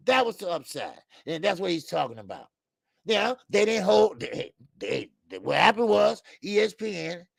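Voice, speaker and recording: Male boxing talk host with a gravelly, high-set voice and an emphatic, repetitive, salty delivery. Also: no echo, studio quality. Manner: profane, emphatic, repeats phrases, laughs often. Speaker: call-in boxing show host. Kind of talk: animated casual commentary.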